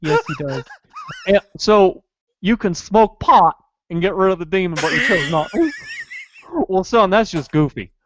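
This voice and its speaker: A man's voice: sits high, very animated, unhurried, a bit bright, a little hiss or hum, full character voice. A man doing Goofy, a dopey drawling cartoon dog. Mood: folksy. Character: dopey cartoon dog as a folksy male detective.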